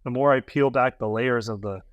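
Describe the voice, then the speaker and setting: A man's voice: medium pitch, fairly quick, no echo. Rambling male podcast co-host. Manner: rambling with many fillers. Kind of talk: casual review chat.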